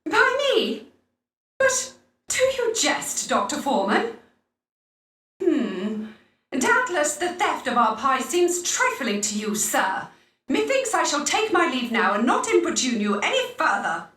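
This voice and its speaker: Excitable Elizabethan lady, high and swooping, theatrical game voice, far-off roomy sound. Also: measured pace, exaggerated voice. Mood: offended. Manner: gossipy, theatrical olde-English speech. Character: fussy Elizabethan gentlewoman, indignant and excitable. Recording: distant roomy game audio.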